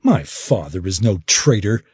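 A man voicing a defensive fifteen-year-old boy who takes offense quickly. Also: low-pitched, very animated, darkish tone, breathy edge, no echo, studio quality, exaggerated voice. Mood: indignant. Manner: indignant, quick to anger.

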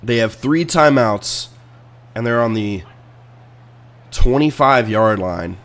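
Excitable man narrating his own gameplay. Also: medium pitch, slow. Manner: excitable, swings from muttering to sudden loud outbursts. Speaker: video game player and channel host. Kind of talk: casual let's-play commentary.

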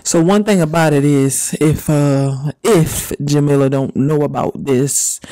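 Mellow-voiced man reacting to messages. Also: on the high side, fairly even intonation, dry recording. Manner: casual, profane, drawn-out reactions. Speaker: commentary YouTuber. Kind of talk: reaction commentary, reading messages aloud.

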